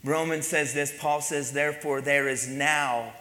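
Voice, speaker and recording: A man preaching a sermon in a high, bright voice, dropping to hushed, low lines and then rising to emphatic calls. His voice carries through a church sanctuary with a long, echoing reverb. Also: fairly even intonation, unhurried. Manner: preaching with dynamic swings between soft and loud. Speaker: pastor. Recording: echoey church hall.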